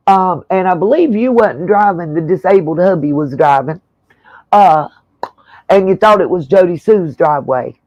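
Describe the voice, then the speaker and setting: This channel host has a mid-range, creaky voice with a dark tone, and she vents in an irritated, fed-up rant full of profanity while commenting on a livestream. There's no echo; the sound is dry, dull and lo-fi.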